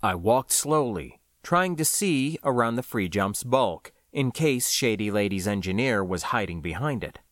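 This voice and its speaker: A man narrating a science-fiction novel in the first person, with a measured, expressive storytelling delivery. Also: on the low side, no room sound, studio quality. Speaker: audiobook narrator.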